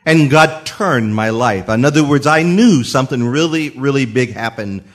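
An older man preaching a sermon in church, telling his own story in an animated way and acting out voices in the quotes. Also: medium pitch, normal speed. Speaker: pastor. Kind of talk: sermon with personal testimony.

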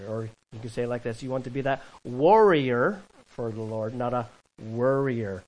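A man preaching a sermon as pastor, swinging from loud, emphatic calls to quiet asides and chuckling between points. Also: fairly high pitch, low-quality recording.

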